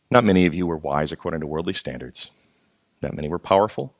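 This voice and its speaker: A pastor preaching a sermon with emphatic, earnest delivery, repeating phrases to drive points home. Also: male voice, rumbling low, fast, no room sound, studio quality.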